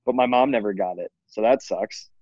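A teenage student chatting casually with friends on a call, rambling with many restarts. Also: male voice, lowish voice, fairly quick, darkish tone, no echo, highs cut off.

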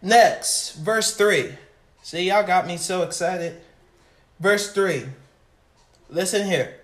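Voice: medium pitch, takes it slowly, pauses often, roomy sound. A preacher delivering an impassioned sermon, calling out to the congregation.

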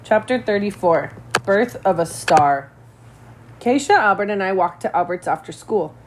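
Woman reader, steady measured audiobook narration of a children's novel. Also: mid-range voice, noisy background. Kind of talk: reading a children's novel aloud.

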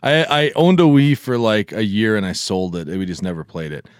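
A man's voice: on the low side, sing-song, no room sound. Laughing podcast man, dry close sound. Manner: laughs often, quick teasing asides. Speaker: podcast co-host. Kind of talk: casual chat.

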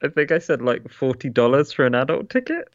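A man's voice: mid-range voice, sing-song, brisk, dry recording. A man with a British accent co-hosting a podcast in an easygoing casual chat, recorded on a slightly dull lo-fi mic. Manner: easygoing, laid-back, laughs along. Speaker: podcast co-host.

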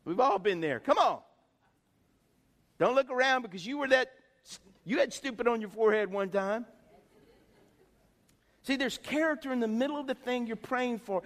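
A middle-aged man preaches in a folksy, conversational style, with a very high-pitched voice. He keeps checking in with his congregation, and his words ring out with a long reverb in a church sanctuary. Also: expressive, normal speed, a bit bright. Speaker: pastor. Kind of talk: sermon.

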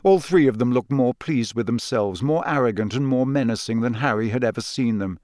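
A man reading a novel aloud as narrator, in a measured, even storytelling way, close to the mic. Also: mid-range voice, no echo. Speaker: audiobook narrator. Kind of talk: scripted narration.

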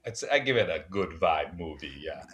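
A man's voice: low voice, animated, moderate pace, fairly bright tone. A young man co-hosting a casual chat, laid-back, swearing freely and trailing off with "you know".

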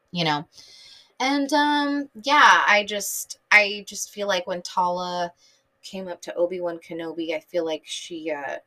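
A woman's voice: lowish voice, sharp tone, low-quality recording. A tired woman hosting a casual fan podcast, rambling late at night with lots of fillers. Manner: rambling, filler-heavy, enthusiastic fan talk. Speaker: podcast host reviewing a TV episode. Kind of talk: casual chat.

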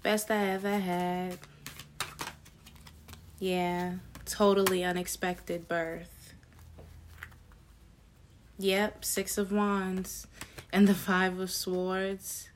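A woman giving a casual tarot reading to her viewers, chatty and slangy with excited asides. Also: mid-range voice, very slow, pauses often, noisy background. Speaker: tarot reader.

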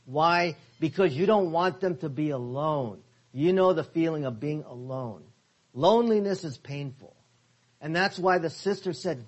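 High-voiced man teaching a Bible class. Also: moderate pace, lo-fi sound. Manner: asks questions of the class, stresses words.

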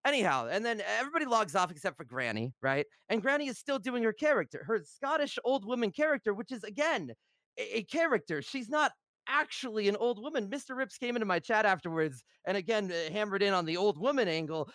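A man giving a measured, casual account, now and then with a light laugh. His voice is high and moves a lot in pitch. The recording is dry and close. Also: animated, a bit bright, dry recording. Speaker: online game player.

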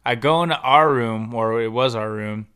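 A young man tells a personal story on his podcast in a loose, rambling monologue full of slang and swearing. His voice sits at an ordinary male pitch and sounds smooth and clear. He trips over his words and starts sentences again. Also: moderate pace, fairly bright tone. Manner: profane, slangy, rambling with restarts. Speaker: podcast host.

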